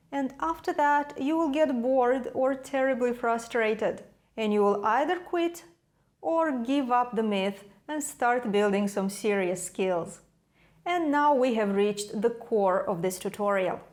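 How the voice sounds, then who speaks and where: A woman teaching piano in a scripted video lesson, speaking in a measured, emphatic way with dramatic pauses. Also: on the high side, darkish tone.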